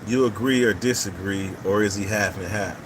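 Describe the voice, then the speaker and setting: A man with a lowish voice, speaking at normal speed over a noisy background, runs a casual live talk stream. Reading out viewer comments, he offers blunt, foul-mouthed takes and keeps circling back to the same points.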